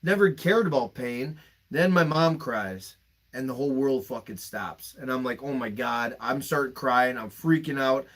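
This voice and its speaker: A man's voice: mid-range voice, animated, normal speed, fairly bright tone. A young man hosting a podcast, telling personal stories in an emotional, emphatic way and swearing freely. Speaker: podcast host. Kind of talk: candid podcast storytelling.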